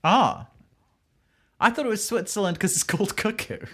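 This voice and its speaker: A woman's voice: medium pitch, animated, moderate pace, fairly bright tone, slightly rough. A woman co-hosting a podcast from a kebab shop, joking and swearing in playful bits. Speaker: podcast co-host. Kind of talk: casual chat.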